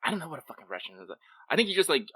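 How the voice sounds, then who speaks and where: A man's voice: fairly high pitch, very animated, rapid-fire, pushed and bright, husky, dry recording. A man co-hosting a casual live-streamed podcast, joking around and swearing freely. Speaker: podcast co-host.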